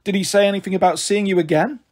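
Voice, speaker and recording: Male reader playing a gushing, brittle mum, high and husky. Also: fairly even intonation, quick pace. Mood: bright, forced. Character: warm flighty tattooed mother, bright and brittle.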